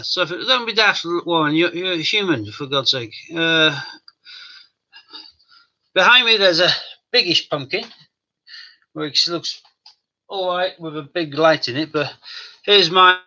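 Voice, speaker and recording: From a room at home, a man hosts a live stream, joking with chat viewers and talking to his dog. His high-leaning voice is expressive, pushed and bright, moving at a measured pace with long pauses, and the stream audio is dull and lo-fi.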